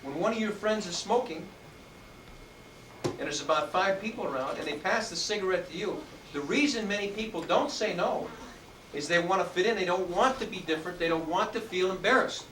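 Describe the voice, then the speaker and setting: Man coaching kids in an echoey room. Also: high voice. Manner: call-and-response, drawn-out emphatic words. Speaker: motivational speaker for students. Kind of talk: motivational talk to a youth audience. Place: indoor room with students and adults. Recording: echoey room, distant mic, noisy.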